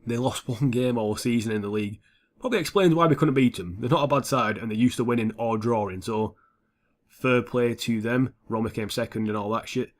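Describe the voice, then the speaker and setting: A man's voice: mid-range voice, fairly quick. A young man giving casual, sweary commentary over a football management game. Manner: blunt, sweary and offhand. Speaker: gaming YouTuber.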